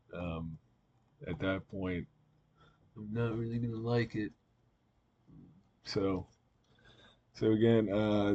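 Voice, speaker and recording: Low flat-voiced man rambling over charts. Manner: rambling, many fillers and restarts. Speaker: market analyst. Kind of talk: casual trading chart commentary.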